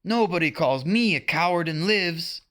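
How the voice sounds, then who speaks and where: A cocky young boy hero, high and lively, as a storyteller puts him on. He shouts his challenges with plenty of swagger. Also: normal speed. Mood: defiant.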